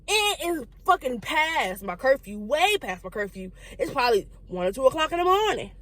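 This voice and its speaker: A young woman telling a profane, animated story and acting out the people in it. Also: high-pitched. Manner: fast, profane, animated storytelling with quoted voices. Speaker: vlogger. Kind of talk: casual storytime.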